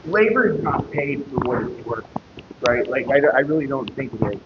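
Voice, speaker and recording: A man's voice: medium pitch, sing-song, moderate pace. A man telling a story on a casual live stream, swearing constantly and rambling. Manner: profane, rambling, laughs while telling stories. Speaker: fitness streamer. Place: gym, echoey room. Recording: echoey hall, dull lo-fi sound, noisy background.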